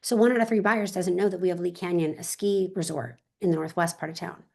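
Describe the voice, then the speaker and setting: Animated woman real estate agent. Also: lowish voice, fast, creaky. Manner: animated, emphatic, talks straight to listeners. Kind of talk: interview, energetic storytelling.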